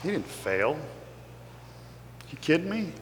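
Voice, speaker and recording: A man from Kentucky with a matching accent takes it slowly, his slightly high voice making big pitch swings. As a guest speaker, he gives an earnest, emotional motivational talk to an audience in a large hall, recorded with echo and a faint hum.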